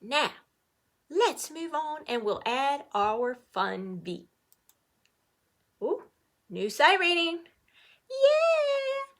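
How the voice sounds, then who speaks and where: A middle-aged woman teaching an online music lesson to children, playful and animated, cheering the class on. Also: high-pitched, slow pace, pauses often.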